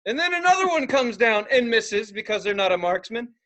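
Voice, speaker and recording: Young guy podcast cohost, pretty high voice, tells stories all animated w/ loud bits. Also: fairly quick. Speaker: podcast co-host. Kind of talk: casual storytelling chat.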